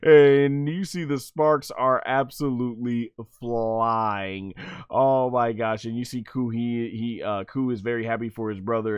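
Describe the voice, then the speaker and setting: A man hosting an anime review podcast, excitedly recapping fight scenes play-by-play with sound effects and frequent laughter. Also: medium pitch, no echo, clean studio sound. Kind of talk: excited episode play-by-play on a livestream.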